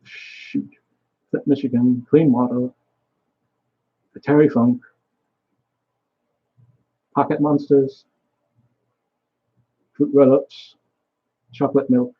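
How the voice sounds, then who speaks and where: A man's voice: mid-range voice, flat delivery, slow pace, long pauses, husky, dull audio. A young man vlogging a rambling solo monologue, swearing often and trailing off mid-thought.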